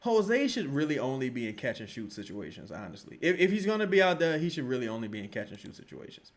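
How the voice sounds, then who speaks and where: A man reacting live to a basketball game and reading chat, with loud, profane, exasperated outbursts. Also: mid-range voice, very animated, fast talker. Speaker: sports streamer reacting live.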